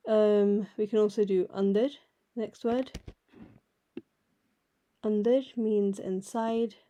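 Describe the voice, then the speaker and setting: Slow, patient woman teaching letters. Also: mid-range voice, fairly even intonation, warm tone. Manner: patient, explains each letter and repeats words slowly. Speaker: language teacher. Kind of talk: slow step-by-step alphabet lesson.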